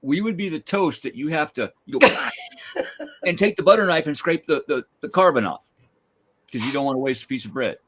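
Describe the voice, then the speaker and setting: A man's voice: on the high side, huge pitch swings, normal speed, fairly bright tone, breathy edge. A man hosting a casual talk stream, opinionated and ranting, often restarting his sentences. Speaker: podcast host. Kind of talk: casual chat.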